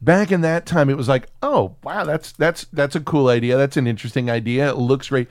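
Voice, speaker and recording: A man co-hosting a casual film podcast, animated and swearing freely as he riffs on a movie. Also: mid-range voice, brisk, no echo. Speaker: podcast co-host. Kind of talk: casual movie review chat.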